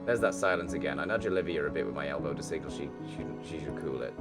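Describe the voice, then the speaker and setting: A young man with a very deep voice talks fast over loud background music. He's a game streamer narrating a story game aloud in a let's-play, reacting casually and swearing often.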